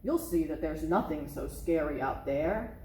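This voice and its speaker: A woman's voice: low voice, lively intonation, a little slow, dark tone, slight background noise, voice pushed down. A woman voicing a big, confident father bear who reassures his cub in a bluff way, recorded in an echoey room.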